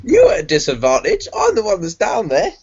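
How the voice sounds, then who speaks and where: Wry male player with a lively voice. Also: sits high, brisk, husky. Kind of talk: casual tabletop play. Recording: dull lo-fi online call audio.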